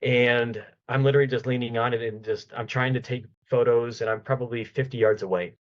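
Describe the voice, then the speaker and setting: A man, a podcast guest, telling a lively anecdote in casual conversation, often restarting his sentences. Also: medium pitch, brisk, highs cut off. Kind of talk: casual storytelling in an interview.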